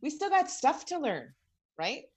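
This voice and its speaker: A woman's voice: sits high, very animated, unhurried, crowd noise. A woman middle school principal, a guest in a casual chat who agrees often.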